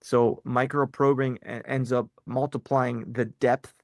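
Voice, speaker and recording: A man's voice: medium pitch, little pitch movement, a little slow, darkish tone, no echo, clean studio sound. A man coaching salespeople on a live training call, talking casually with lots of "right?" and "man". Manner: casual, bro-ish, fillers like "right?" and "man".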